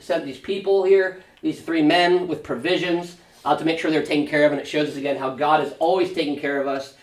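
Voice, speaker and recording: A man pastor leading a Sunday school Bible study, explaining the passage in a conversational way with fillers and asides. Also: a little high. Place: church classroom. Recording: echoey room, mic at a distance.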